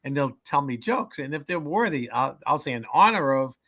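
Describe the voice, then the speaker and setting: A man in his seventies chatting as a comedian guest in an interview. He tells jokes with animated delivery, putting on little voices for the people in them. His voice is bright and forceful. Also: medium pitch, normal speed. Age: 70s. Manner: animated joke-telling, acts out voices. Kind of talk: casual interview storytelling.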